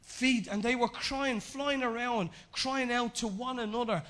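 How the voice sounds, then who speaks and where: A man preaching a sermon in a conversational way, swinging between raised, emphatic lines and hushed, low repetitions. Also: unhurried, hardly any pauses.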